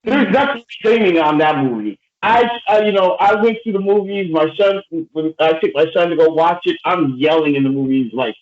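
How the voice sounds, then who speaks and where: A middle-aged man moderating a casual podcast roundtable, ranting in an animated, profane way. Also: on the high side, a little fast, hardly any pauses, echoey room, lo-fi sound.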